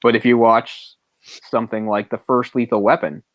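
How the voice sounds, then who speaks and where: A man's voice: mid-range voice, flat delivery, normal speed, no room sound. A man co-hosting a movie podcast, rambling and opinionated, often chuckling as he talks. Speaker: podcast co-host. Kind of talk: casual movie discussion.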